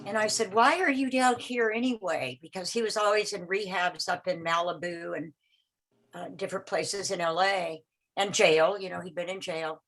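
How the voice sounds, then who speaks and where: Over a video call, an older woman takes her time telling a personal memory; she halts, starts over and repeats words, and imitates the people she quotes. Her fairly low voice is a bit bright, and the audio is poor.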